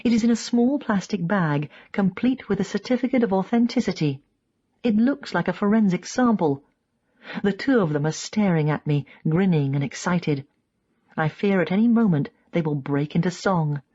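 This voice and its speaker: In this scripted narration, a woman reads an audiobook in the first person and shifts to a higher pitch for quoted speakers. She's animated and moderately paced, with a mellow, slightly rough voice, and the recording lacks its highs.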